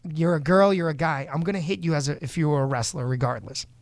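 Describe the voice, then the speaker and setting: A man with a fairly high voice rants bluntly on a casual talk show, swearing as he vents. His speech is heated and straight to the point. The sound is dry and close, with no room around it. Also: fast talker, gravelly, no room sound. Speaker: show host. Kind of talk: casual podcast rant.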